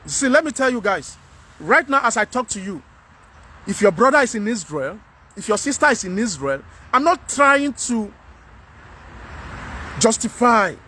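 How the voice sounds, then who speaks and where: A man's voice: very high voice, very animated, a little slow, long pauses, pushed and bright, a little hiss or hum. A man with a Nigerian English accent, giving a frank, earnest monologue to camera as a vlogger, often repeating himself to press a point.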